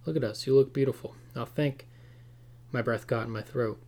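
A man narrating a first-person scary story aloud in a steady, tense delivery. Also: medium pitch, normal speed.

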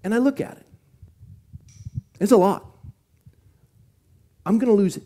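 Mellow-voiced male pastor preaching. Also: sits high. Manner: earnest, shifts from animated retelling to slow hushed emphasis. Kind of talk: sermon storytelling to a congregation. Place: church.

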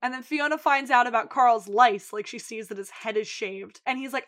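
A woman's voice: on the high side, fairly quick, few pauses. A woman co-hosting a podcast, recapping an episode in casual chat and acting out the quotes. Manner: animated storytelling, acts out quotes. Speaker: podcast co-host.

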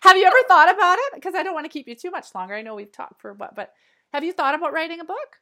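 Bright, lively woman host. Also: high voice, very fast. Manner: effusive, enthusiastic, laughs often. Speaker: podcast host. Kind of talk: casual interview chat.

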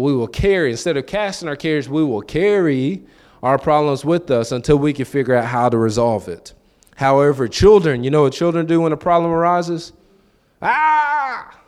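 A man's voice: fairly high pitch, fairly quick, a little mellow. A man preaching a sermon in a loose, conversational way, asking the listeners questions and acting out quoted voices. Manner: conversational, repeats words and acts out quoted voices.

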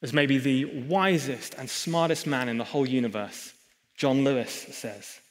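A man's voice: medium pitch, a little slow. A man preaching a sermon in a church hall, emphatic, with chatty asides to the congregation. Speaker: pastor.

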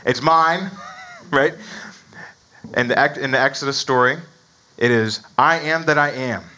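A man's voice: medium pitch, a little slow, pushed and bright, low-quality recording. A man preaching a sermon in a conversational way, often asking "right?" and chuckling between points. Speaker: pastor.

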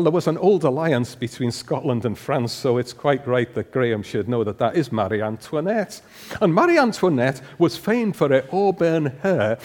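A man's voice: mid-range voice, darkish tone. An older man giving a humorous sermon, putting questions to the congregation in a church. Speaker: preacher. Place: church hall. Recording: long hall reverb.

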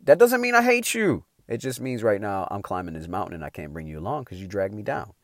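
Animated middle-aged man giving a pep talk. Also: fairly low pitch, fast talker, dry recording, studio quality. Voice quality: emphatic, slangy, swears freely. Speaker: motivational speaker. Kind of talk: motivational talk.

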